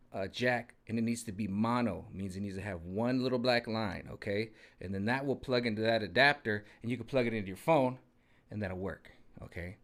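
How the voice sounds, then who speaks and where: A man in his forties talking casually to camera in a rambling, conversational way, often checking in with his viewers. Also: medium pitch. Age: 40s. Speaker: vlogger.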